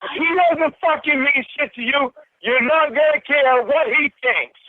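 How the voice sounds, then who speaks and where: A man rages through a phone call, his voice pitched unusually high for a man. He swears and accuses without pause. The line is thin and tinny, with a dry, close sound. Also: no room sound. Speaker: caller. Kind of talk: angry phone confrontation.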